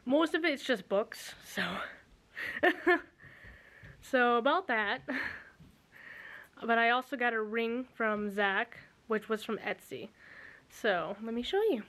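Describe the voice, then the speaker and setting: A woman's voice: on the high side, takes it slowly, long pauses, a bit bright. A young woman in her twenties, out of breath, chatting casually to her camera at home, rambling with many restarts. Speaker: vlogger. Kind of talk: casual vlog chat. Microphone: handheld camera mic.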